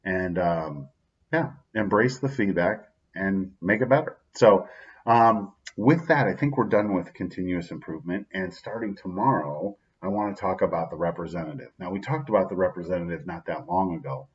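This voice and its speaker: A man hosting his own daily motivational video, talking casually and warmly about his day, often adding "right?" and fillers. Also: low voice, normal speed, dull audio. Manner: upbeat and heartfelt, with frequent "right?" and "um" fillers. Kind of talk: casual spoken reflection.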